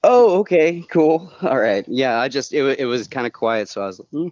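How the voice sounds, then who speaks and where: A man talking earnestly and casually on a livestream call, halting and rambling with many restarts. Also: mid-range voice, lively intonation, a little mellow, no room sound. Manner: earnest, confessional. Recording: dull, dry lo-fi call audio.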